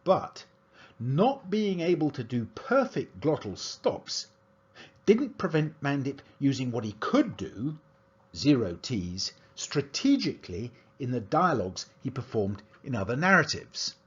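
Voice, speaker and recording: A man giving an academic lecture as a university lecturer, explaining an analysis in a steady, methodical way. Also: medium pitch, measured pace, husky, lo-fi sound. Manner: explanatory, analytical delivery with lively intonation.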